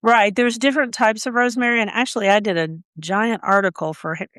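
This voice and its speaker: A woman's voice: a little high, steady tone, fast, fairly bright tone, no echo, clean studio sound. A woman co-hosting a gardening podcast, chatting casually and telling stories with frequent laughs. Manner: chatty, storytelling, laughs often. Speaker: podcast co-host.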